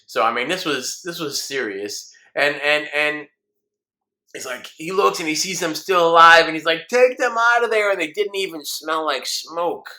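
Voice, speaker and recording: A male pastor preaching a sermon, telling a story earnestly and acting out the people in it, then closing with soft encouragement. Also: fairly high pitch, moderate pace.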